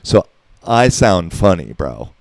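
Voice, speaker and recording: A man's voice: low voice, sing-song, slow pace, gravelly, no room sound. An American man in his thirties hosting a podcast, rambling casually with lots of profanity and filler words. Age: 30s. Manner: laid-back, profane, heavy on filler words. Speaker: podcast host.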